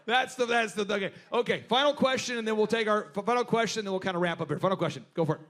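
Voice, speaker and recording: A man's voice: sits high, racing, a bit bright. A man in his forties hosting a business workshop, telling stories to a live group and acting out other people's lines with animation.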